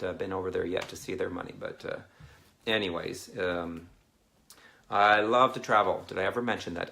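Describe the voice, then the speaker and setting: A deep-voiced man with a rough, fry-laden tone talks casually to viewers over a webcam. He rambles and laughs between thoughts, wandering from one topic to the next in an easy, chatty way. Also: fairly bright tone. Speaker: Christian ministry speaker. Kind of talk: casual live video chat with viewers.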